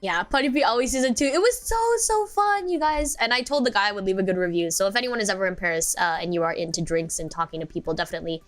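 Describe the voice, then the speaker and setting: A young woman chatting on a livestream. She rambles and giggles through her stories, leaning on filler words, at an ordinary pitch. Soft music plays faintly behind her. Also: expressive, fast, hardly any pauses. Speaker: VTuber streamer. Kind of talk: casual stream chat.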